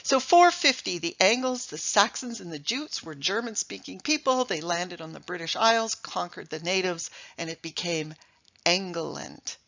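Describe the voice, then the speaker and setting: A woman's voice: on the low side, expressive, moderate pace, gravelly, bright, forceful tone, lo-fi sound. A middle-aged woman presenting a talk to an audience, emphatic and full of rhetorical questions. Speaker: speaker giving a talk on English.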